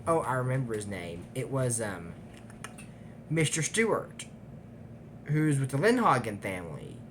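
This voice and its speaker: A man recapping an animated series in a casual, digressive way, trailing off with fillers and little laughs. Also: medium pitch, measured pace, a little hiss or hum. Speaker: YouTube recap host. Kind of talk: casual rambling episode recap.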